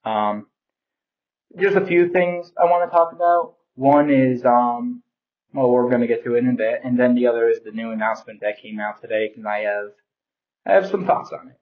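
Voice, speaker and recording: A man's voice: medium pitch, normal speed. A man ranting casually about films to his viewers, rambling with frequent ums and an exasperated edge. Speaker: film commentary vlogger. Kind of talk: casual rant to camera. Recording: dull lo-fi home recording.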